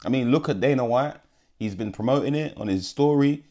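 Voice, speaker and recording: A man's voice: mid-range voice, fairly quick, dark tone. A man giving a blunt, profane fight prediction in a casual vlog, often repeating himself. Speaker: MMA YouTuber.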